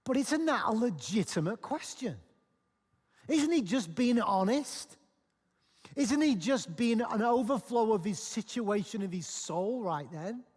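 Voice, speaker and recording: Brief: male pastor preaching, high voice, lively storyteller, long church reverb. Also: unhurried, breathy edge. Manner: animated storytelling, acting out characters. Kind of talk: sermon.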